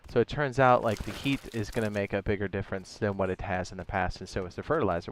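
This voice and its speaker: A man's voice: lowish voice, fast talker, few pauses. A man streaming a building game, chatting casually and rambling a little, with slangy asides to his viewers. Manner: relaxed, rambling, slangy ("dog", "my guy"). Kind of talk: casual livestream chat.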